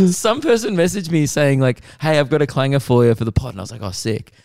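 A man's voice: on the high side, moderate pace, gravelly, dry recording, clean studio sound. Man reading listener stories. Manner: relaxed storytelling, sighs and laughs while reading. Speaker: podcast co-host. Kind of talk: casual podcast chat, reading listener messages.

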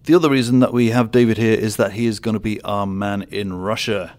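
A man's voice: on the low side, fairly even intonation, fairly quick, a little mellow. A man hosting a sports podcast, leading a casual chat in a playful, teasing way. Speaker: podcast host.

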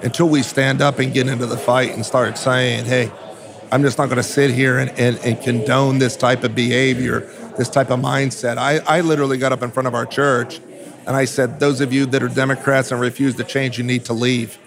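A man's voice: medium pitch, flat delivery, fairly quick. A pastor, a man, speaking in an interview with fiery, preacherly emphasis. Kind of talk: casual interview talk. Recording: crowd chatter behind.

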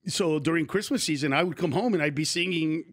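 A man from East Los Angeles telling stories in a casual chat, animated and drifting into quick voices of people he quotes. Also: a little high.

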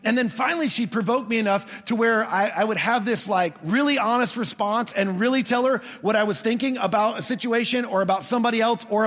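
A man's voice: high voice, fairly bright tone. A man preaching a sermon as pastor, in a conversational, storytelling way with touches of humor. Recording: long hall reverb.

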